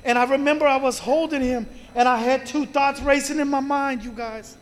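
Addressing a recovery meeting in a large hall, a man speaks at a moderate pace in a very high voice with fairly even intonation. His personal story is heartfelt, laced with swearing, and he often turns to the audience with "you guys."

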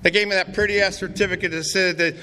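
A man's voice: high-pitched, steady tone, quick pace, bright, forceful tone. A middle-aged man speaks to a recovery meeting, telling his own story in a raw, profane, streetwise way. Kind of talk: testimony talk to a recovery meeting. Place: meeting hall. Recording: reverberant hall with faint room noise.

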